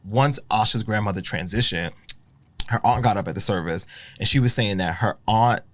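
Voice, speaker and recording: A man's voice: on the low side, moderate pace, dry recording. A man co-hosting a podcast, chatting casually and joking with frequent laughter. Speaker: podcast co-host. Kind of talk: casual chat.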